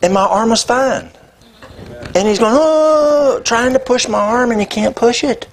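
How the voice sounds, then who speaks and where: A man preaching a sermon, telling a personal story in a conversational, animated way. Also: extremely high pitch, unhurried, a little hiss or hum. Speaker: pastor. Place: church.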